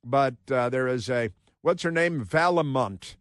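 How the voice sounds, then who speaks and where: A man's voice: medium pitch, measured pace, clear, resonant tone, dry recording, studio quality. A man hosting a talk radio show, monologuing in a mocking, sarcastic way and breaking into put-on voices to mimic others. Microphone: studio mic.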